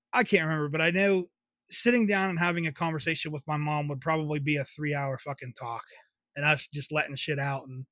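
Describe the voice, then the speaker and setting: With a high, fairly bright voice captured in a dry recording, a young man spins casual, meandering tales from his childhood. He's the solo host of a podcast, and his storytelling is laced with swearing and laughter.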